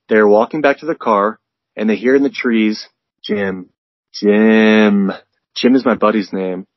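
A man's voice: fairly low pitch, no room sound, dull audio. A man co-hosting a casual podcast, reading out a story in a laid-back way and swearing freely. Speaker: podcast co-host.

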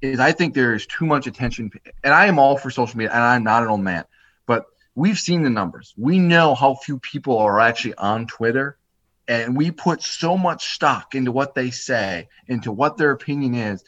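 A man in casual podcast chat, blunt and dismissive, talking in quick bursts. His voice is bright and forceful. The recording sounds dull and lo-fi. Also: medium pitch, lively intonation. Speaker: podcast co-host.

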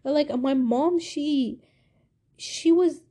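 An eighteen-year-old woman hosting a podcast, telling a personal story in a confiding, animated way. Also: slow. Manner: animated, confiding, swings from high to low. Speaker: podcast host.

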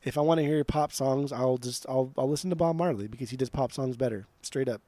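A young podcast co-host talks casually in a mellow, warm, mid-range voice, fairly quickly, with a dry, close sound and no echo. He is blunt, swears freely, and often stumbles over repeated words when starting a sentence.

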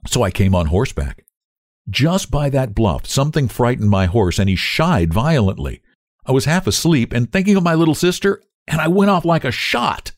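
A man's voice: medium pitch, big pitch swings, normal speed, no echo, clean studio sound, pitched above the performer's own voice. A man doing a hearty, sober grown brother. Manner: warm, sober storytelling. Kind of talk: audiobook character voice.

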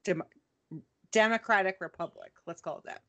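A woman's voice: medium pitch, normal speed, a bit bright. Furious swearing woman in her forties. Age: 40s. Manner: heated, swearing, blunt. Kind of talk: angry casual political chat.

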